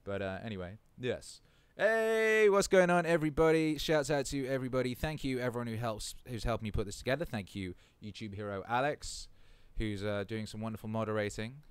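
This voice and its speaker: Low, crisp-voiced man hosting a live stream. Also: fairly quick, no echo. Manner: laid-back, swears freely, chants a warm-up. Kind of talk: casual live-stream chat reading comments.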